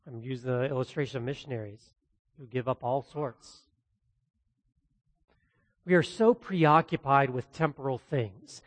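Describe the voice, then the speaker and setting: A man's voice: medium pitch, a little slow, long pauses, in a large hall. A man, a pastor, preaching an expository sermon in an earnest way, mixing in casual asides.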